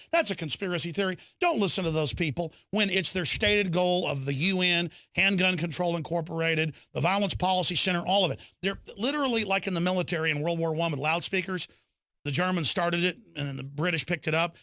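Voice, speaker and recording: A middle-aged man hosting a talk show rants in a fiery political monologue. His voice sits high and pushes with bright, forceful intensity. He swings into mocking impressions and sudden shouts. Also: expressive, brisk, vocal fry, no echo, clean studio sound.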